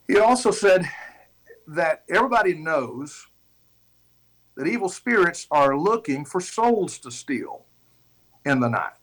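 A man preaching, retelling a story in an animated, conversational way with shifting pace. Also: fairly high pitch, normal speed, rough recording. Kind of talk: sermon illustration.

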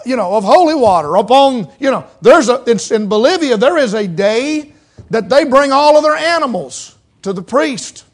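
A man preaching a sermon in a folksy, conversational way, with a Southern mountain accent, acting out little quotes as he teaches. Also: very high voice.

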